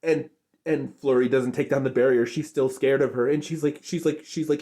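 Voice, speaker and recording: A young man giving an unscripted, rambling review of a cartoon episode, gushing and excitable, full of filler words. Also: medium pitch, normal speed. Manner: rambling, lots of filler likes and restarts. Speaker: show reviewer.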